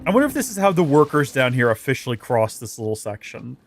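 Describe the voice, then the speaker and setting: A man's voice: medium pitch, very animated, fast, soft background music. A man giving casual let's play commentary on a game, full of wry, joking asides.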